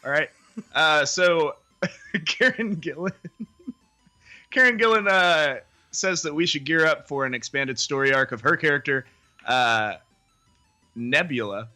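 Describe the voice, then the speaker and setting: A man's voice: fairly high pitch, unhurried, pauses often, bright, forceful tone, soft background music. A man co-hosting a podcast, rambling through the news with self-deprecating jokes and frequent laughs. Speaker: podcast co-host. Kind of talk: casual chat.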